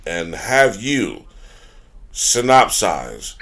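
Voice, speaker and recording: A man hosting a casual podcast chat, loud and jokey, cursing often. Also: deep voice, very animated, extremely slow. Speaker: podcast host.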